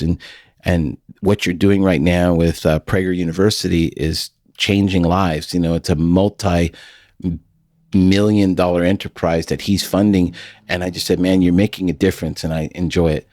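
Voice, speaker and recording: A man's voice: low voice, little pitch movement, normal speed, darkish tone, no room sound, clean studio sound. A middle-aged man hosting a podcast, telling stories in a folksy, casual way and laughing often. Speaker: podcast host.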